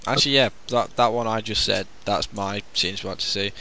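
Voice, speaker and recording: A man's voice: fairly low pitch, brisk, crowd noise. A young man hosting a podcast in casual, jokey, teasing chat. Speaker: podcast host.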